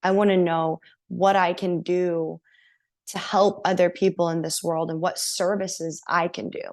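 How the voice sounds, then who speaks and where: A woman guest on a podcast interview, telling her personal story in an earnest, animated way and laughing now and then. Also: fairly low pitch, measured pace. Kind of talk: casual interview.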